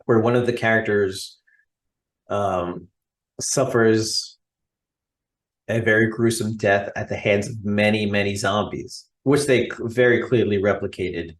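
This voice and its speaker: American male podcast co-host, low-ish voice, chatty and enthusiastic. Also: steady tone, unhurried. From United States. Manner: chatty and enthusiastic, many fillers. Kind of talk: casual chat.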